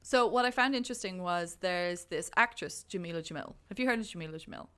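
A woman's voice: on the low side, fast talker, bright, forceful tone, clean tone. A woman co-hosting a podcast, chatting casually about a movie and acting out her own thoughts, with lots of fillers. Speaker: podcast co-host.

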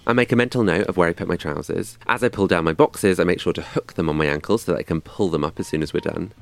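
A man's voice: deep voice, fast talker, creaky, dry recording. A young man from England telling a scripted comic story in a wry, dry, self-mocking way. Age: young adult.

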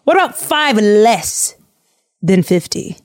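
A woman voicing Abraham as an anxious older man pleading and bargaining in a high voice. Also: very animated, slow, no room sound, clean studio sound.

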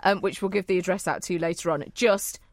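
A woman's voice: on the low side, steady tone, fast talker, no room sound, studio quality. A woman co-hosting a casual podcast, chatty and giggly as she reads listener mail aloud. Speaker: podcast co-host. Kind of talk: casual chat.

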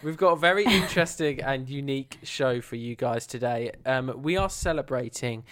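A man's voice: mid-range voice, moderate pace, a bit bright. Chatty man hosting a podcast. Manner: chatty, laughs often, repeats himself. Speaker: podcast host. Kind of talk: casual chat.

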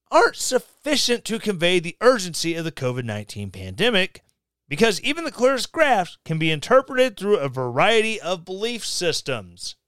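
A man's voice: high-pitched, a bit bright, no room sound. A man hosting a podcast, reading a news article aloud and breaking in with sarcastic, mocking asides. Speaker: podcast host. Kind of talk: casual commentary.

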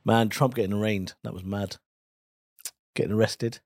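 A man's voice: fairly low pitch, steady tone, moderate pace, a little mellow, no echo, clean studio sound. A man co-hosting a comedy podcast in casual, bantering chat, swearing freely. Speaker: podcast co-host.

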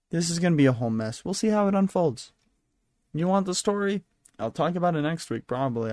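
Young male solo podcast host, weary and rambling, fairly high voice, dry close sound on a handheld mic. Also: darkish tone, dry recording. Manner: rambling, self-deprecating, apologetic. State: tired, yawning. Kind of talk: solo casual podcast chat. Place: at home, at a desk. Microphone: handheld microphone.

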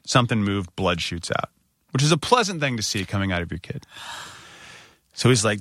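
A middle-aged man casually telling a self-mocking story, acting out other people's lines with big jumps in pitch. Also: animated, brisk, long pauses, fairly bright tone, no echo, clean studio sound.

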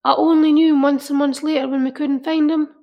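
A woman telling an emotional personal story in an earnest, halting way, often repeating herself. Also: high voice, flat delivery, lo-fi sound. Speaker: interviewee. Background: soft music.

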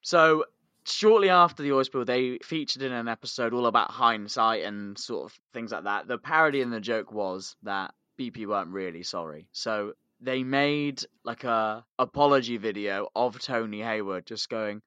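Brief: British male podcast host, bright tone, animated and sweary, dry close mic. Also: medium pitch, normal speed, clear, resonant tone, no echo. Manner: animated, swearing, laughing storyteller. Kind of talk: casual podcast chat.

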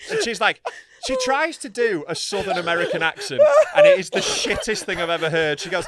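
A man's voice: high voice, huge pitch swings, fairly quick, background noise. A young man telling a story in casual podcast chat. He swears freely and acts out the people he describes. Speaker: podcast co-host.

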